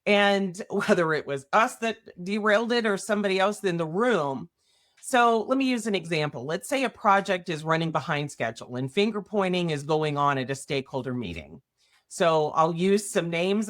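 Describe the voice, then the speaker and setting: A woman's voice: fairly low pitch, a bit bright. A woman hosting a podcast, explaining ideas casually with workplace examples and often checking in with "right?". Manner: conversational, tags points with "right?". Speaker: podcast host.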